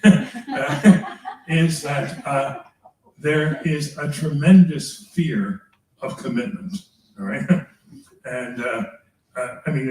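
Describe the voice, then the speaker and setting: An older man, a priest, lecturing teachers in a chatty way, chuckling often and tagging his points with quick questions to the room. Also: mid-range voice, a little mellow. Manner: chatty, chuckling, tags remarks with "all right?". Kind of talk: lecture with personal anecdotes. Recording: echoey room, mic far off.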